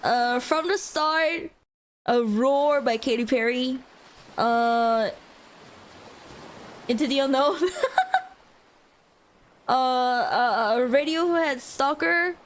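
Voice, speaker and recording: A woman streamer in a casual chat livestream, playful and giggly, laughing often and trailing off with drawn-out fillers. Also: high voice. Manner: drawn-out, hesitant with many fillers.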